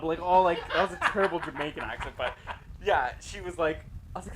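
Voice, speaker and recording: A man's voice: high voice, big pitch swings, fast talker, a bit bright, a little hiss or hum. A man co-hosting a podcast, telling a rambling story in casual chat, laughing often and acting out quotes. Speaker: podcast co-host.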